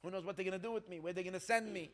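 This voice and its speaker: A man's voice: sits high, rapid-fire, a bit bright. A man voicing a simple villager in a told story, anxious and insistent as he pleads with his rebbe. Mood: scared. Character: simple older male villager, anxious and stubborn.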